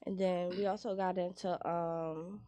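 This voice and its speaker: A woman hosting a radio show in a studio, chatting casually, laughing and reeling off plugs and shout-outs. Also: on the low side, little pitch movement, a little slow, slight background noise.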